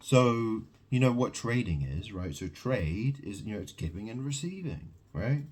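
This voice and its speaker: A man's voice: lowish voice, big pitch swings, unhurried, a little mellow, breathy edge. A man delivering a rambling, agitated monologue to camera, preaching and repeating questions at the listener. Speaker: video monologue host.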